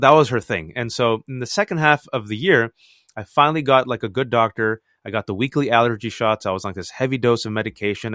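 Brief: male guest in his 40s, born and raised in the US, animated storyteller, dry studio sound. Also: no echo. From United States. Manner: lively, acts out family voices with big jumps in pitch. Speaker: guest author.

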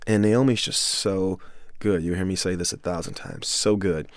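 Male film director from Miami, relaxed and earnest, lower voice, dry and close. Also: normal speed, no room sound. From Miami, USA. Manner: laid-back, earnest, lots of "you know" and "bruh". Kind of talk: interview, personal storytelling.

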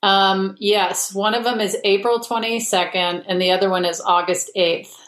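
A woman hosting a comedy advice podcast from home over a video call, reading listener letters in a dry, deadpan way. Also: mid-range voice, moderate pace, reverberant. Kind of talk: casual comedic chat.

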